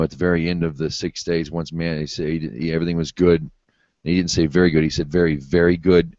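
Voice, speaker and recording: Very deep-voiced man, rambling on a call. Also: mellow, no echo. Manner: rambling, hesitant, with many fillers and restarts. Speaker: participant in an online hangout. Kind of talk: casual group video chat. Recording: dull lo-fi web call audio.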